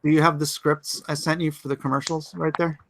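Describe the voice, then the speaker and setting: A man hosting a casual podcast chat, animated and enthusiastic. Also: on the high side, a little fast, slight background noise.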